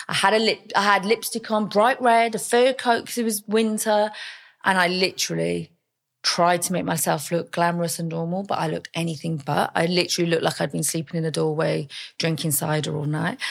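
A woman's voice: fairly low pitch, creaky. A young woman speaking frankly and chattily as an interview guest, with plenty of fillers. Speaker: podcast guest, mother. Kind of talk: candid interview storytelling.

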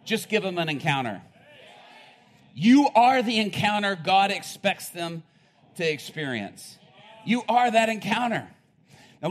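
A male preacher mid-sermon, his voice sitting a little high for a man. He tells his story with mounting excitement, laughs along the way and climbs to loud, emphatic peaks.

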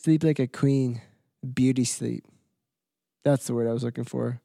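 A man's voice: medium pitch, fairly even intonation, normal speed, vocal fry, mellow, dry recording, clean studio sound. A man co-hosting a podcast in casual chat, joking and laid-back. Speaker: podcast co-host.

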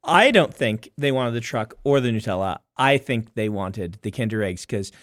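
A man's voice: fairly low pitch, animated, fairly bright tone, no room sound. Chatty man on a dry podcast mic. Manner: chatty, explanatory, quick asides. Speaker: podcast co-host, author. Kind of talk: casual chat.

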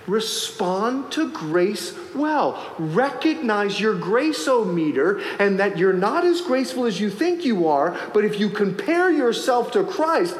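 A man, a pastor preaching a sermon and telling a story with lively acted-out voices. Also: high voice. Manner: animated storytelling, acting out voices in the anecdote. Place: church sanctuary. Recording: echoey hall, faint ambience.

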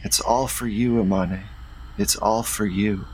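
A man's voice: on the low side, steady tone, a little slow, a little hiss or hum, pitched below the performer's own voice, natural voice, low-quality recording. A man voicing a sweet but unsettling, possessive woman in a tabletop role-play game. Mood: cooing. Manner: sugary, cooing.

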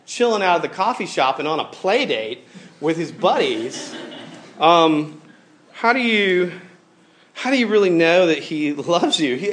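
A man in his thirties preaching a sermon in a conversational, animated way, often acting out quoted voices. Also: a little high, a little hiss or hum. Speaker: pastor.

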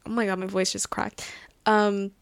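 A woman's voice: medium pitch, flat delivery, normal speed, gravelly, dry recording. A young woman hosting a casual show, gushing and rambling emotionally with many restarts. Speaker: podcast host. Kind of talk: casual chat.

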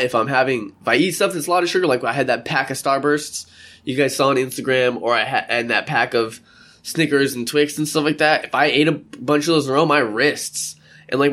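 A young man talking casually to his viewers from an indoor room, rambling from one thought to the next. His voice sits at a middling pitch, and he jumps into playful voices for the people he quotes. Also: a bit bright. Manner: rambling, chatty, acts out quotes. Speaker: vlogger. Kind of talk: casual chat.

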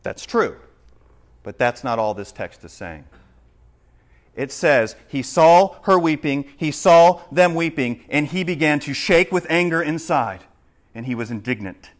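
A man preaching a sermon, swinging between loud, urgent questions and hushed explanation. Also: on the high side, lively intonation, a little slow. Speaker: pastor.

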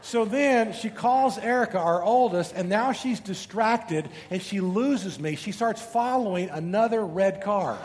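A middle-aged man preaching a sermon as pastor, telling animated stories and asking rhetorical questions, often repeating words. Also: high voice, unhurried, hardly any pauses. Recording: reverberant hall with faint noise.

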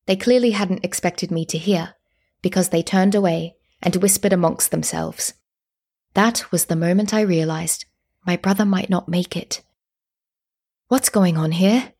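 A woman narrating a historical story in the first person, calm and measured. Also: lowish voice, breathy edge.

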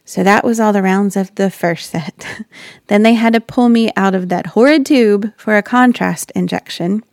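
A woman's voice: mid-range voice, normal speed, dry recording, clean studio sound. A woman sharing an earnest, reflective personal faith story as a wife and mother. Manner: earnest, reflective, with soft laughs.

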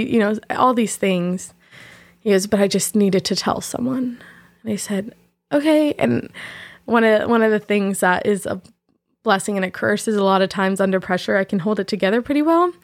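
A young woman speaks as the host of her own podcast, telling a personal story in a reflective, candid way. Her voice sits at a medium pitch, and soft laughs come between her thoughts. The recording is dry and close, with no room sound. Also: no echo.

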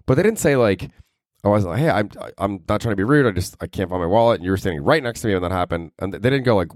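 Rapid and expressive, a young man with a lowish voice hosts a podcast, laughing often, swearing plenty and poking fun at himself as he tells stories in a casual monologue. The studio-quality audio has no echo.

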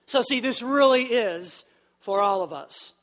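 Male pastor, high-pitched, lively sermon to a congregation, call-and-response. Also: measured pace. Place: church sanctuary with live congregation.

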